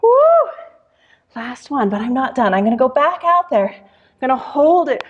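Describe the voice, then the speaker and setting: A woman's voice: high-pitched, animated, moderate pace, dull audio. Breathless woman counting Pilates reps. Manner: counts reps aloud, breathy sighs between counts. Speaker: pilates instructor. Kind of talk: workout instruction while exercising.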